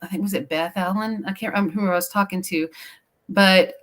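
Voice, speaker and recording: A middle-aged woman speaks as a guest on a chat show. She tells personal stories in a loose, rambling, animated way, at an ordinary mid pitch. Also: brisk. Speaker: paranormal investigator guest. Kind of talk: casual chat, personal storytelling.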